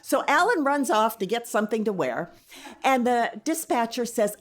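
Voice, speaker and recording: A middle-aged woman tells a personal story on a live stage, acting out every quoted line. Her voice sits a little high and swings widely in pitch, turning dramatic as the tale builds. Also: expressive, moderate pace. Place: stage before a live audience.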